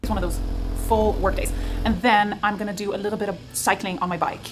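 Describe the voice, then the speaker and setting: A gentle woman narrates her everyday routine for a vlog, her English soft and unhurried. Her tone is sweet, a little cooing. A faint bed of music runs underneath. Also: medium pitch, fairly even intonation, poor audio. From Norway. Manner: soft, cooing, talks sweetly to partner and pets. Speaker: lifestyle vlogger.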